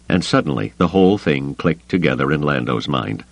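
Audiobook: low male narrator with animated, suspenseful reading and a dry, close sound. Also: brisk, creaky, hardly any pauses, no echo, poor audio. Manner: expressive, suspenseful. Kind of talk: scripted narration.

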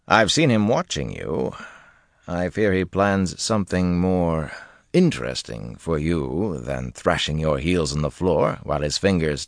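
A man's voice: low-pitched, vocal fry, dry recording, clean studio sound, exaggerated voice. A man voicing a hearty, scheming male tyrant lord who mocks and sneers in an audiobook. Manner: jovial, sneering.

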